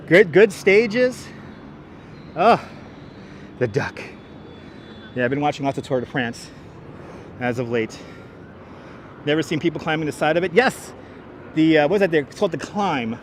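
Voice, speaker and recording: A livestream host, his voice a little high, chats and laughs with viewers during a casual outdoor walking tour on a raised city park walkway. The wireless clip-on mic adds a faint hiss or hum.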